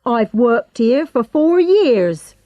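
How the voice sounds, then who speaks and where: A woman's voice: on the high side, sing-song, takes it slowly, mellow, no room sound, muffled recording, pitched above the performer's own voice. Woman playing a bitter young manservant. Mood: guarded. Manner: defensive, bitter. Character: resentful young male servant with a bad leg.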